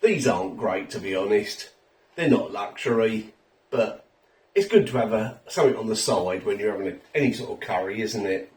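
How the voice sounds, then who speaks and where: A man's voice: on the low side, expressive, moderate pace, darkish tone, roomy sound, far from the mic. A man reviewing a ready meal at home, chatty and self-mocking, a little tipsy after a few drinks. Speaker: food reviewer. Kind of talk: casual food review vlog. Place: home kitchen.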